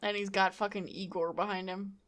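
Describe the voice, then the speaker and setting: A woman's voice: mid-range voice, level tone, fairly quick, a bit bright. A woman co-hosting a podcast, chatting casually and dropping dry one-line quips. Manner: dry quips, laughs a lot. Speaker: podcast co-host. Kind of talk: casual chat.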